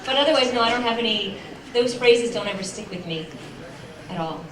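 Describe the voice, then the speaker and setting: A woman's voice: on the high side, lively intonation, brisk, far from the mic, a crowd in the background. A female voice actor on a convention panel, speaking in a fond, upbeat way, heard from afar in a roomy hall. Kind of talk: panel chat.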